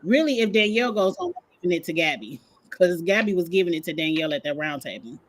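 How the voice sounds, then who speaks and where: A woman co-hosting a casual chat show, relaxed and conversational as she speculates. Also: lowish voice, fast talker. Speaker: podcast co-host.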